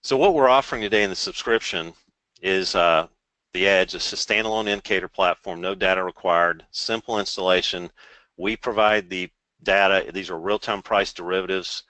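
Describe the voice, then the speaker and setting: Low-voiced man pitching a trading tool. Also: normal speed, pushed and bright, no room sound, low-quality recording. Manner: informal, salesy explainer with dry sarcastic asides. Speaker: trading webinar presenter. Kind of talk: live webinar presentation.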